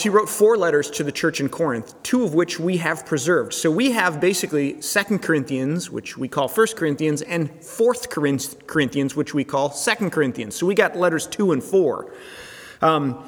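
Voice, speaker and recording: A man gives a relaxed, chatty sermon as pastor, his voice sitting a little high. He talks casually, often stopping and restarting his phrases. A long reverb trails behind every word. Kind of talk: conversational sermon.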